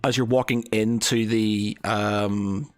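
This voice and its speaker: A man's voice: lowish voice, fairly even intonation, slow pace, soft background music. Hesitant man running a tabletop game. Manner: hesitant, full of fillers and restarts. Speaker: game master.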